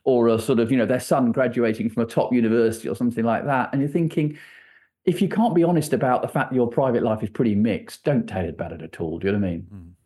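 Male guest, warm dark tone, musing and circling back on his thoughts. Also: mid-range voice, fast. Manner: thoughtful, rambling, restarts often. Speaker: author and church leader, guest. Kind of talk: conversational interview answers.

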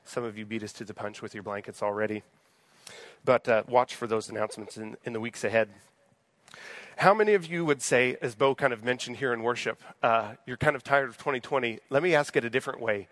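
In a church sanctuary, a pastor in his thirties delivers an evening sermon conversationally, frequently putting questions to the congregation. His medium-pitched voice is brisk and a bit bright, with no echo.

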